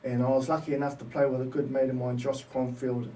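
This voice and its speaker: A New Zealand man in his fifties, a former rugby player, telling stories as a guest in a relaxed, slangy way. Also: mid-range voice, quick pace. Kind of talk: casual storytelling. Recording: distant mic with faint background noise.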